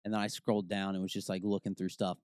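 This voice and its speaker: Smooth low-voiced man, casual. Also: little pitch movement, quick pace, a little mellow, no echo, studio quality. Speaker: podcast co-host. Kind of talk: casual chat.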